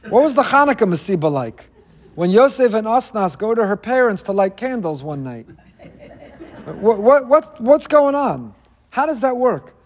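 A man with a high-pitched voice teaching a weekly Torah class, dropping in wry jokes and asides. His words ring out with a long reverb, as in a large hall. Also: a little mellow.

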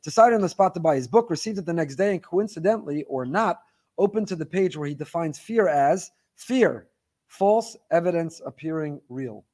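Guy teaching a torah class, reading emails out loud, kinda high voice, animated with wry jokes. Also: normal speed. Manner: animated storytelling with wry asides.

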